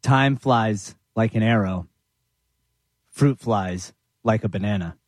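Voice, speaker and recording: A man joining radio studio banter, giggly and slow-spoken. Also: fairly low pitch, no room sound.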